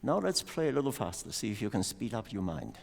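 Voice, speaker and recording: A man's voice: on the low side, big pitch swings, a little fast, creaky. A man teaching a piano master class, coaching a student and singing rhythms aloud to explain patiently. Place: concert hall. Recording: distant hall reverb.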